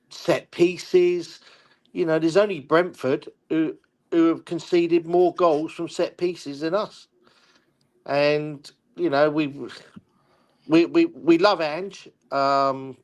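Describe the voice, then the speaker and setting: An older man, a former player, giving frustrated football analysis in halting, repetitive talk. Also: fairly high pitch. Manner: halting, repeats words, frustrated. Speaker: guest pundit, former player. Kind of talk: casual football discussion.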